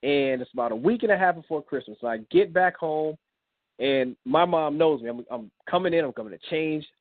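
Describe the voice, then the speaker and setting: A man's voice: on the high side, a little fast, dry recording. A man in his thirties, a comic book creator, telling personal stories as a guest on a call-in radio show. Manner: animated, recounts with quoted dialogue. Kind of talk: casual storytelling on a radio interview. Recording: tinny phone line.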